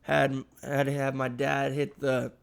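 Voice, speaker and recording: Gravelly young man telling a story. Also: mid-range voice, completely flat delivery, a little slow. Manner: rambling, crude, laid-back. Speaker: podcast co-host. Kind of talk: casual storytelling.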